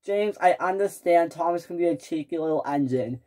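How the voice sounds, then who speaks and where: A woman's voice: lowish voice, a little fast, mellow, close to an everyday voice. A woman playing a stern railway boss. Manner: firm, scolding, clipped orders. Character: stern male railway controller, middle-aged, strict. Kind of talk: toy train fan story.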